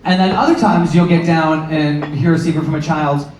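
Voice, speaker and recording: A man in his thirties doing a stand-up comedy set, sarcastic with deadpan asides and sudden acted-out voices. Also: on the high side, brisk, a little hiss or hum. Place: comedy club stage, from far off. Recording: roomy club sound, distant mic, crowd laughter.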